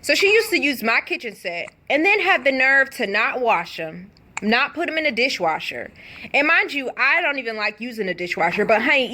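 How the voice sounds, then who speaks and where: A young woman telling a chatty, animated storytime vlog and acting out the quotes. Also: fairly high pitch. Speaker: vlogger. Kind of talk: casual storytime.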